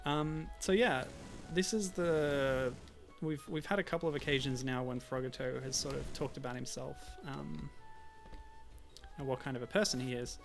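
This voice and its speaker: Gravelly guy rambling while he plays a game, faint music behind. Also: medium pitch, steady tone, moderate pace. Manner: rambling, self-deprecating. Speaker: streamer. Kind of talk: casual let's-play chat.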